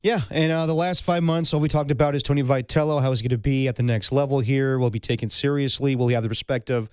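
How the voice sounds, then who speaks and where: A man co-hosting a sports radio show, chatting in a quick, opinionated and agreeable way. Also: medium pitch, fairly even intonation, a little mellow, clean tone, no room sound, studio quality. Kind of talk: casual sports talk.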